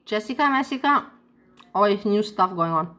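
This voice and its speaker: A woman's voice: mid-range voice, animated, normal speed, pushed and bright. A woman vlogger chatting casually and playfully to her viewers. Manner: playful, teasing. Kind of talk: casual chat to camera.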